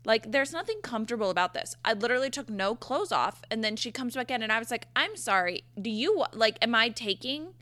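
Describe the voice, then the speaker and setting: Brief: young woman vlogger, profane and exasperated storyteller, bright voice, dry close mic. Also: a little high, lively intonation, a little fast, few pauses, no echo. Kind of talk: casual storytime rant.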